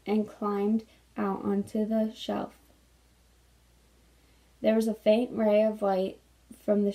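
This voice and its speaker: A woman teacher reading a children's novel aloud to a class in a steady, unhurried way. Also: medium pitch, gravelly, poor audio.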